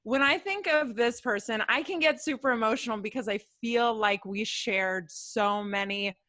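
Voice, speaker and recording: Woman guest, bright close-miked voice, emotional and sincere. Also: a little high, normal speed, dry recording. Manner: heartfelt, near tears. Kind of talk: casual group video chat.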